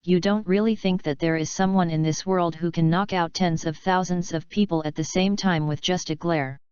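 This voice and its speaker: A woman voicing a hoarse, sneering male villain hypnotist in an audiobook reading, taunting his captives. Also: on the low side, steady tone, moderate pace, a little mellow, no echo, lo-fi sound, close to an everyday voice. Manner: taunting, gloating.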